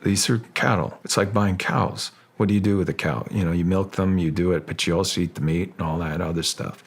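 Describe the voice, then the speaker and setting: A man speaking as a guest in an interview, halting and restarting, then animated when telling stories. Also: deep voice, vocal fry. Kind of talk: casual interview talk.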